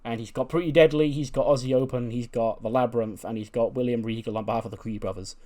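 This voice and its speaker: A man's voice: medium pitch, steady tone, fast talker, dark tone. A man narrating a wrestling management game in a casual way, laughing often as he improvises stories. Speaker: let's play narrator.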